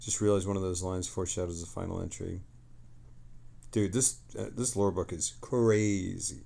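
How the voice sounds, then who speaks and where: A male streamer reads lore aloud on a live broadcast, breaking off for excited, chatty asides. His voice sits low with a gravelly fry running through it. The delivery is casual and unscripted between passages. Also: normal speed. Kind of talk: casual lore reading on a livestream.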